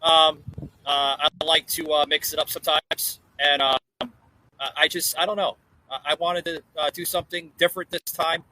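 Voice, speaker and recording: A man's voice: on the high side, level tone, normal speed, sharp tone, poor audio. A man hosting a podcast, talking casually outdoors on a porch and hedging his words with lots of fillers. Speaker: podcast host.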